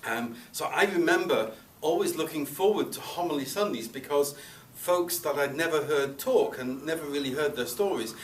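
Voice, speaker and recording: Calm man leading a church prayer. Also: mid-range voice. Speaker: pastor. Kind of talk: opening prayer and introduction. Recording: echoey church, from far off, faint noise.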